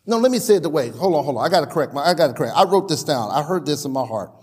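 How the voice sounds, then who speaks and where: High-pitched preacher in a reverberant church. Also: male voice, racing. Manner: animated preaching with stammered restarts and acted-out quotes. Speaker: pastor. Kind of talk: sermon. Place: church sanctuary.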